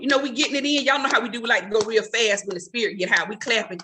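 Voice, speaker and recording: A woman's voice: on the high side, rapid-fire, slight background noise. A woman comedian doing stand-up, talking straight to her audience and teasing them. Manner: animated, teasing direct address to the audience.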